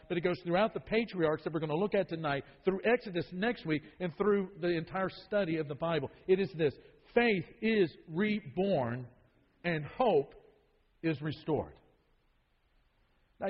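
A man's voice: on the high side, slightly rough. A man teaching a Bible study in a sermon style, emphatic and repeating key phrases for weight. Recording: dull lo-fi sound with long hall reverb.

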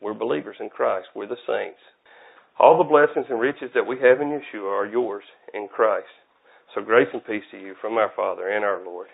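In a church, a man whose voice is on the low side, with vocal fry, gives a folksy, self-deprecating sermon at normal speed. His conversational preaching comes through tinny, phone-like audio.

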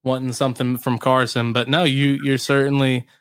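A man's voice: medium pitch, level tone, moderate pace, clear, resonant tone, no room sound. A man hosts a sports talk show and answers callers with short, wry remarks. His voice sits in the middle range. The sound is dry and close. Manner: brief, wry interjections. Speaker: sports radio host.

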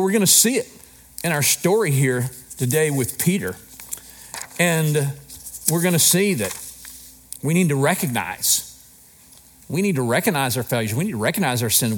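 A pastor man delivering a sermon in a relaxed, conversational way. His voice rises and falls with emphatic swings, and he keeps asking his listeners rhetorical questions. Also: on the high side.

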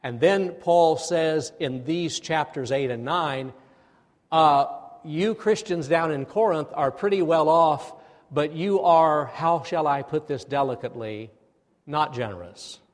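A man preaching a sermon to his congregation. He speaks with animated energy and leads the people in repeating phrases back to him. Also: a little high, a little slow. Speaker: pastor. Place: church sanctuary. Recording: long hall reverb.

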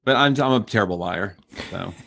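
A man in his forties from Tennessee with a Southern US accent, a guest comedian trading wry, deadpan jokes in a casual podcast chat. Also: lowish voice, brisk, vocal fry. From Tennessee, USA. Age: 40s. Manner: joking, wry deadpan quips.

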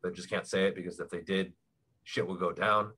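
A young man explaining things in a relaxed, rambling way, with lots of fillers, as a podcast guest. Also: sits low, fairly quick, slightly rough. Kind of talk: casual chat.

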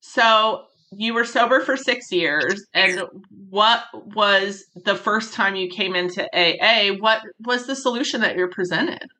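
A woman hosting a podcast in casual chat, candid and animated, swearing freely and laughing often. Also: medium pitch, measured pace, few pauses. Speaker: podcast host.

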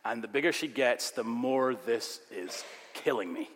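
A male pastor preaching a sermon, emphatic, with sudden loud rises on key words. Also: mid-range voice, unhurried, a little hiss or hum. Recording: long reverb of a large hall.

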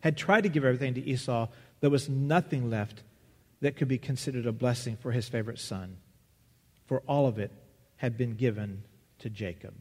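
A man preaching a sermon as pastor, earnest and searching, pausing and restarting as he goes. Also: medium pitch, darkish tone. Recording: long reverb of a large hall.

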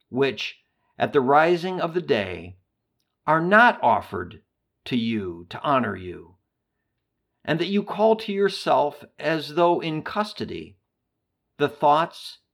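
A man's voice: medium pitch, a bit bright. A man reading a devotional meditation aloud in a solemn, prayerful way. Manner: slow, solemn and measured. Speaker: reader of a devotional text.

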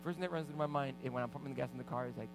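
A man preaching, a pastor telling a personal story in an animated way and acting out the scenes. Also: medium pitch, rapid-fire, rough recording. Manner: animated, reenacts scenes loudly. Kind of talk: storytelling sermon. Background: background music.

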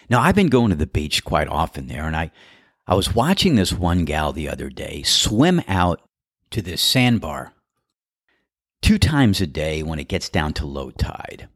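A man's voice: low-pitched, dry recording, clean studio sound. A man hosting a podcast, casually telling anecdotes and laughing often as he goes. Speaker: podcast host. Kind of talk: casual storytelling monologue.

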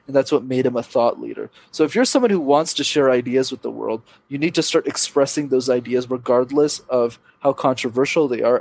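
Young guy coaching on public speaking, punchy and emphatic, talks it up like a podcast guest. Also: medium pitch. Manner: energetic, emphatic advice-giving.

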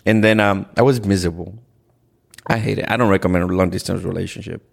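Deep gravelly man. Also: steady tone. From Ecuador. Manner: earnest, halting, with repeated restarts and "like". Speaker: podcast guest. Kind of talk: candid storytelling in conversation.

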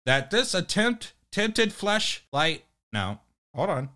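Bright-voiced New Jersey man hosting a crude podcast parody, stumbling over his read-aloud. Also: sits high, very animated, takes it slowly. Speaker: podcast host.

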